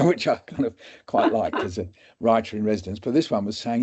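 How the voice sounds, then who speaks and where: A man's voice: fairly low pitch, lively intonation, brisk, a little mellow, breathy edge, highs cut off. An older English man telling rambling, self-mocking anecdotes as a guest speaker on a webinar, slipping into quoted voices. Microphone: video call.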